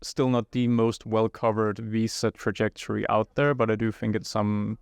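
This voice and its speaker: Smooth low-voiced rambling young man. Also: no room sound, clean studio sound. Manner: rambling, many restarts and fillers. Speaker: guest, startup founder. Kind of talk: casual interview answers.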